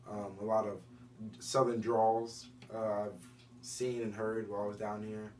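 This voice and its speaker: A man from Washington, D.C., answering an interview question in a relaxed way with hesitant pauses. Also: lowish voice. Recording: distant mic, background hiss.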